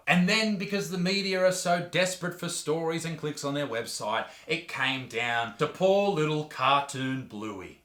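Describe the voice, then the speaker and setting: Brash, bright-voiced Australian man ranting. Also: on the high side, animated, normal speed, few pauses, roomy sound. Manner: crude, profane, sarcastic ranting. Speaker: comedian host. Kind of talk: comedic rant commentary.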